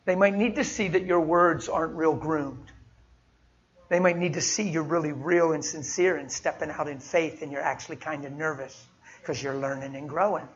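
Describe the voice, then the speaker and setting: A man's voice: fairly high pitch, fairly even intonation, normal speed, dull audio. A man preaching a sermon, telling stories in a folksy, heartfelt way and acting out the people in them. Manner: folksy, heartfelt, acts out dialogue. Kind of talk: sermon with storytelling.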